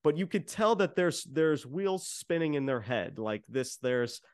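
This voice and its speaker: A man's voice: a little high, animated, measured pace, no room sound, studio quality. A man on a podcast casually recapping a wrestling show, rambling with many fillers and acting out what was said. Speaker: podcast co-host.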